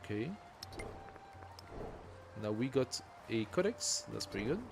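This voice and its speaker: A man's voice: mid-range voice, big pitch swings, a little slow, music in the background. A man streaming a strategy game, thinking aloud and reading game text as he plays. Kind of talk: casual live gameplay commentary.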